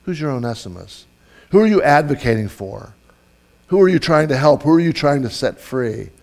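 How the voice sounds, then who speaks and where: A man's voice: a little high, animated, moderate pace, creaky, darkish tone. A man giving a sermon as a pastor in a church, telling stories in a loose, conversational way with many restarts. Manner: storytelling, conversational, with frequent fillers and restarts.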